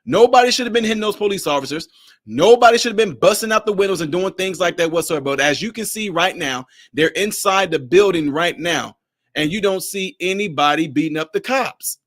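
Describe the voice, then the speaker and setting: A man's voice: high voice, animated, a little fast, fairly bright tone. A man giving casual, sarcastic reaction commentary, repeating himself and exclaiming. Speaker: political commentary host.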